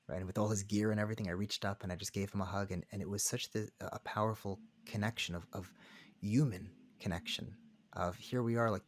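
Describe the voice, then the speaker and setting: A man, a rabbi and counselor, telling a personal story as a podcast guest in an earnest, halting way. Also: on the low side, breathy edge, dry recording. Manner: earnest, halting, many restarts. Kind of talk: conversational storytelling.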